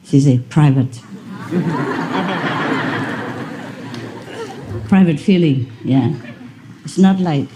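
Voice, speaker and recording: A woman's voice: fairly low pitch, heavy background noise. A woman spiritual teacher giving a conversational lecture, telling a story and laughing often. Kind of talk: lecture to an audience.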